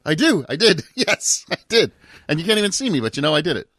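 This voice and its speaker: A man's voice: on the high side, big pitch swings, fast, fairly bright tone, no room sound, clean studio sound. A man co-hosting a casual chat show, joking and loose with frequent "uh" restarts. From Canada. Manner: jokey, loose, many "uh" restarts. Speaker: podcast co-host.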